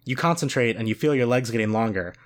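A man reads a story aloud for a podcast, his voice swinging widely up and down to dramatize each beat. He is expressive and quick to break into laughter with his co-host. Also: medium pitch. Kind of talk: dramatic read-aloud with banter.

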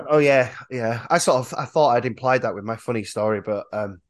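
A man hosting a horror movie podcast, talking casually in a hoarse voice after losing it, joking and stumbling over his words. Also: mid-range voice, moderate pace. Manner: jokey, self-deprecating, stumbling restarts. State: hoarse, lost voice. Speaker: podcast host.

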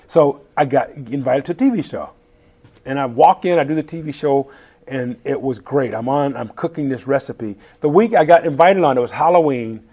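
A man in his fifties, a chef telling stories in a casual interview, animated and laughing as he acts out quotes. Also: mid-range voice, normal speed, breathy edge, dull audio.

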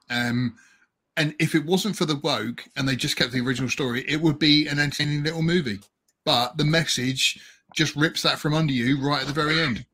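A man's voice: medium pitch, bright, forceful tone. A man co-hosting a casual podcast chat about films, laughing often and telling things with animation. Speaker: podcast co-host reviewing films.

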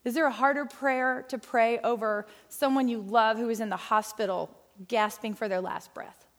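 A woman's voice: a little high, steady tone, normal speed. A woman teaching a Bible study in a church hall, earnest and conversational with playful asides.

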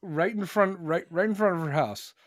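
A man's voice: high-pitched, normal speed, no room sound, clean studio sound. A man in his forties hosting a podcast, ranting in a rambling, fired-up way with many restarts. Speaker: podcast host. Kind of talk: casual podcast chat.

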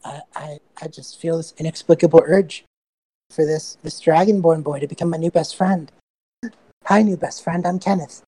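A woman's voice: low-pitched, fairly even intonation, normal speed, mellow, breathy edge, no room sound, low-quality recording. A woman voicing a charmed male kobold who rambles eagerly and wants to be best friends. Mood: smitten.

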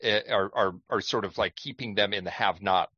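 Bright-voiced man asking questions. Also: on the low side, fairly quick, slightly rough, no echo. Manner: thinks aloud with restarts while setting up a question. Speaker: podcast host and real estate coach. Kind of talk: podcast interview questions. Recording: dull muffled podcast audio.

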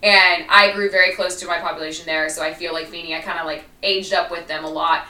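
A woman's voice: on the low side, fairly even intonation, fast talker, sharp tone, distant mic. Chatty woman co-host, roomy echo. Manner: chatty, many fillers and laughs. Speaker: podcast co-host, former teacher. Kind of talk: casual podcast chat.

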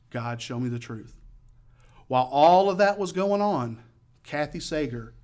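A man giving his testimony as a sermon, telling a story and acting out the voices he quotes by raising and yelling them. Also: medium pitch. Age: adult, past high school.

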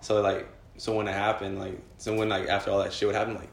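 A man's voice: fairly low pitch, completely flat delivery, quick pace, creaky, reverberant. A young man telling a story in casual chat, rambling with lots of fillers and swearing. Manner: rambling, swears a lot, many "like" fillers, laughs while telling.

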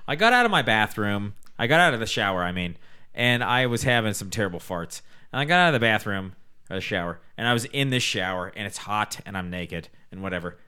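Guy with a bright crisp voice, swearing a lot, rambling crude jokes on a podcast. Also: on the low side. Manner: crude, profane, rambling storyteller. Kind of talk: casual comedic banter.

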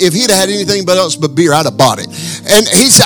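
A male pastor preaching a sermon with animated, blunt storytelling and emphatic asides. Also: sits high, a little fast, faint music behind.

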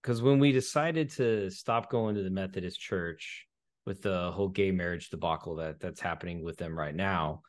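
A man with a very deep voice hosts a casual talk show. He rambles, circles back and hesitates as he gathers his thoughts. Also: moderate pace. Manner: rambling, hesitant, with many fillers. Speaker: podcast host. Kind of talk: casual conversation.

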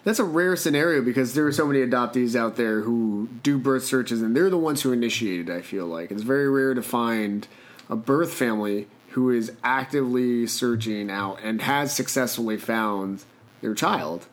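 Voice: mid-range voice, normal speed. A podcast host interviewing a guest with short, curious follow-up questions.

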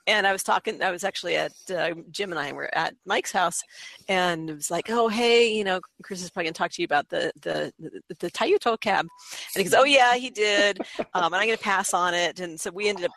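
A woman's voice: fairly low pitch, fairly quick, creaky, fairly bright tone. A woman in casual podcast chat over a video call, talking with frequent laughs and restarts. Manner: laughs often, chatty with restarts. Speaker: podcast regular.

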